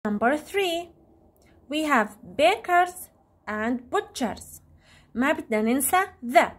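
A young woman with a high-sitting voice and lively intonation teaches an English lesson to young pupils. She speaks slowly and clearly, saying each word twice.

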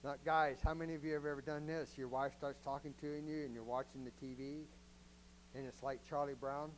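A man's voice: mid-range voice, steady tone, brisk, a little hiss or hum, rough recording. A man preaching a sermon as a pastor, in a conversational, joking way and often asking the congregation questions.

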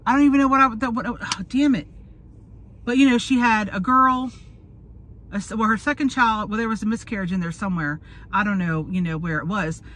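Sitting in a parked car, this vlogger in her forties talks casually, drifting off topic and losing her thread. Her voice is a little high with a fairly bright tone.

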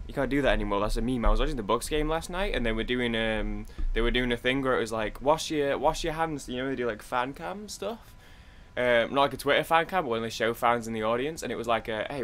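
A man's voice: medium pitch, fairly bright tone. Rambling young man playing a game. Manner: rambling, chatty, talking to himself. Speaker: gaming channel host. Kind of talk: gameplay commentary.

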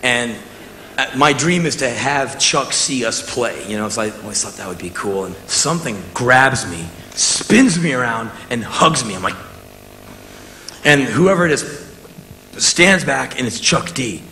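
Animated American man telling a story. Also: medium pitch, unhurried, slight background noise. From United States. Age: 30s. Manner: animated, acts out quotes with shouts and laughs. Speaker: musician telling a story on stage. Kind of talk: spoken word storytelling.

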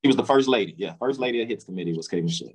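Low voiced memphis guy, southern accent, rambling story w lots of repeats and acted out quotes. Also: expressive, very fast, darkish tone, breathy edge. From Memphis, Tennessee, US. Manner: rambling, repeats words, acts out quotes in raised voice. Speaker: guest, music executive. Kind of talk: casual storytelling interview.

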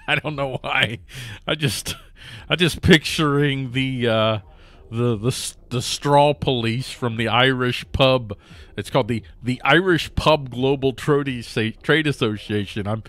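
A man's voice: mid-range voice, slow pace, a bit bright, no echo. A man hosting a news commentary show, rambling and jokey with many restarts. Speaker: host.

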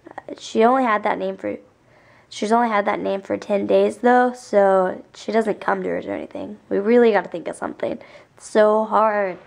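A woman's voice: medium pitch, fairly even intonation, moderate pace, gravelly. A young woman vlogging casually and cooing in baby talk at her new dog. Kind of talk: casual vlog.

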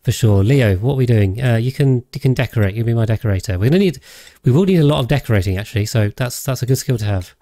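A man's voice: mid-range voice, lively intonation, fast talker, few pauses, dark tone, dry recording. A man chatting casually on a livestream while playing a game, rambling with frequent hesitations and self-corrections. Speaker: game streamer.

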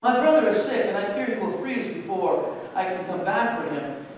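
A man's voice: high-pitched, lively intonation, moderate pace, recorded from a distance, a little hiss or hum. A man voicing an urgent, pleading young man hurrying home on a cold night, read aloud as a story. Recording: echoey church hall from afar.

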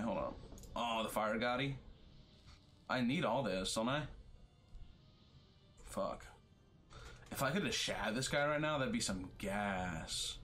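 Low-voiced, profane gaming streamer. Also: male voice, fairly bright tone. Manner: profane, trash-talking, complains about bad luck. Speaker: streamer playing a card battle game. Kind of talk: casual gameplay commentary.

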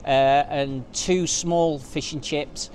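This vlogger is a man with a fairly high, darkish voice and fairly even intonation, and he takes his time. Walking outdoors along a seaside resort street, he chats casually to the camera and rambles with plenty of fillers, with slight background noise audible.

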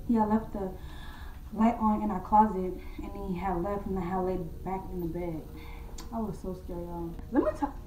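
A young woman casually telling a true ghost story to her viewers, slangy and animated, calling them y'all and acting out her own scared voice. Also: medium pitch, recorded from a distance, lo-fi sound, a little hiss or hum. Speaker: vlogger. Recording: echoey room from off-mic.

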